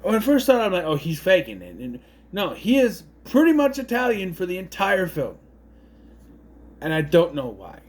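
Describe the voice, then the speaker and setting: Lively rambling man reviewing a film. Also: sits high, moderate pace. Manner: rambling, puzzled asides, mocking impressions. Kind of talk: casual spoken film review.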